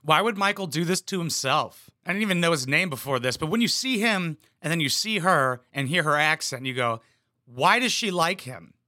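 A man's voice: fairly high pitch, animated, fairly quick, hardly any pauses, bright, forceful tone, no room sound, studio quality. A young man making crude, sarcastic jokes as he comments on a reality show clip. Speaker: reaction commentator.

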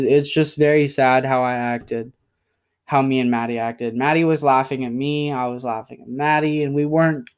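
A young man speaks alone on his podcast, apologizing in a halting way with frequent pauses and ums. His voice is smooth and clear but stays level in pitch, and he sounds emotional as he talks. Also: a little mellow. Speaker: podcast host.

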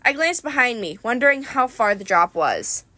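A woman reading a first-person adventure novel aloud in a lively storytelling manner. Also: a little high, normal speed, dry recording. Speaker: reader.

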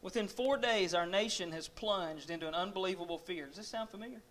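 A man's voice: sits high, a little fast, fairly bright tone. A man preaching, telling a dramatic story in the second person to his listeners. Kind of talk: sermon storytelling.

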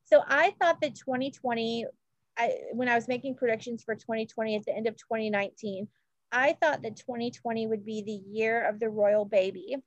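A woman's voice: on the high side, fairly even intonation, brisk, no room sound, lo-fi sound. A woman co-hosting a podcast, chatting in a gushing way with lots of fillers and restarts. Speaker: podcast co-host. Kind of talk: casual chat about royal news.

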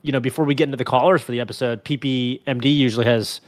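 A man's voice: medium pitch, steady tone, rapid-fire. A man co-hosting a gaming podcast in casual chat, rambling with many fillers and restarts. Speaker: podcast co-host.

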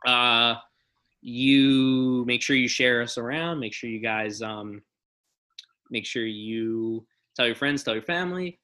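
A man's voice: medium pitch, slow, bright, forceful tone. A young man hosting a casual podcast, ranting in a blunt, profane way. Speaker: podcast host.

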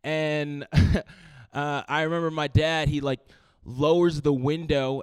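A man's voice: on the high side, takes it slowly, clean tone, no echo. Young male comic telling a story. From Brooklyn, New York. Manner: lively, playful, quotes himself and friends. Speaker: storyteller, comedian. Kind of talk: live comedic storytelling.

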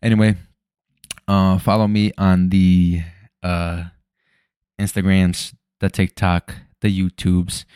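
A man's voice: low voice, level tone, slow, pauses often, darkish tone, smooth, no room sound, clean studio sound. A young man rambling casually on his solo podcast at home, loose and full of swearing. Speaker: podcast host. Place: home room at night.

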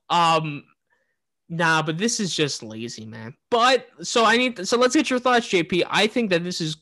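Lively young man recapping wrestling. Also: sits high, dry recording. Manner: excited, breaks into laughs, asks co-host's opinion. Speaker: podcast co-host. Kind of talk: casual wrestling chat.

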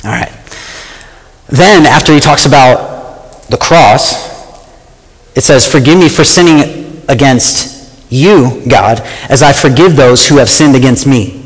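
A man preaching a sermon, passionate and animated, often asking his listeners questions. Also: medium pitch, slow pace, long pauses, breathy edge, long reverb tail, poor audio.

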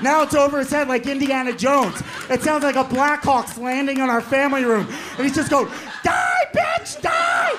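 A man doing stand-up comedy and telling a story, swinging from low asides to loud bursts. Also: steady tone, fairly quick, hardly any pauses, heavy background noise.

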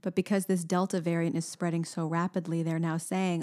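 A woman in her thirties co-hosting a podcast, chatting in a lively, giggly way about family and daily life. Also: lowish voice, brisk, hardly any pauses. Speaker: podcast co-host. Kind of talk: casual chat.

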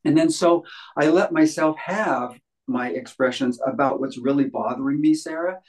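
A man's voice: on the high side, moderate pace, darkish tone, poor audio. A man talking as a guest in an interview, earnest and emphatic, often repeating phrases for stress. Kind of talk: conversational podcast interview.

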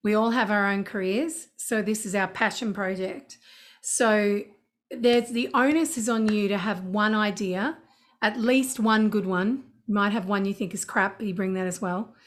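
A woman's voice: mid-range voice, normal speed. A woman, a singer and songwriter, chatting in an interview and telling anecdotes. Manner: chatty, anecdotal, animated storytelling. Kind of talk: casual interview chat.

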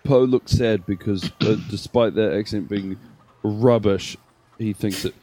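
A man describing his character's actions in a tabletop game, relaxed and halting. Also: on the low side. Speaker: player. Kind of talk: casual tabletop game play.

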